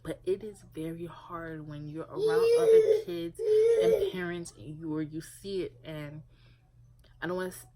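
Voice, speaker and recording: A woman's voice: fairly low pitch, wildly swooping pitch, moderate pace, very noisy. A young woman vlogging about her family in a casual, rambling way, full of filler words. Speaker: parent vlogger. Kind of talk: casual talk to camera.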